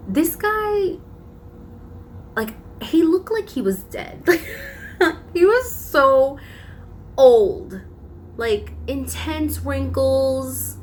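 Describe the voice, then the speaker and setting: A woman's voice: medium pitch, a little hiss or hum. A young woman vlogging casually, telling a story with dramatic emphasis and frequent laughs.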